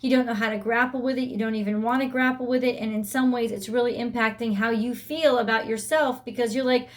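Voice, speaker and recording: Tarot reader, woman, slightly high voice, blunt and emphatic, swears casually. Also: fairly even intonation, a little fast, hardly any pauses. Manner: blunt and emphatic, swears freely, voices the listener's inner thoughts. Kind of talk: weekly tarot reading.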